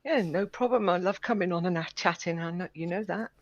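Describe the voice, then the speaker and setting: A chatty British woman on a podcast, laughing easily as she talks. Her voice comes through muffled and lo-fi. The sound is close and flat, with no room around it. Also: lowish voice, fairly quick, no echo. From Britain. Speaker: guest. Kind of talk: casual podcast chat. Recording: dull lo-fi call audio.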